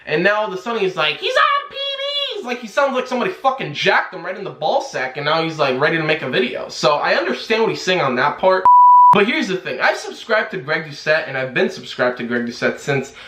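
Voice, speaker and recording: A man's voice: a little high, very animated, fast, sharp tone. Heated, profane young man in echoey room. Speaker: YouTube commentator. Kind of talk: ranting commentary vlog.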